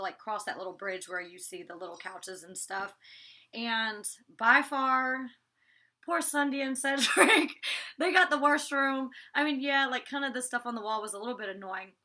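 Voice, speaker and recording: A woman's voice: on the high side, pushed and bright. A woman casually recapping a reality show she was on, chatty, full of "like"s and restarts. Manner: talks to her dog mid-recap. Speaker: reality show cast member recapping an episode.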